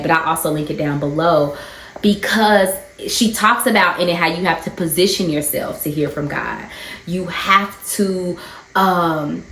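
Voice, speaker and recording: A woman in her thirties, a mom of three, talking earnestly and encouragingly in a casual faith and motherhood vlog. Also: medium pitch. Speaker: mom vlogger. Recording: roomy echo.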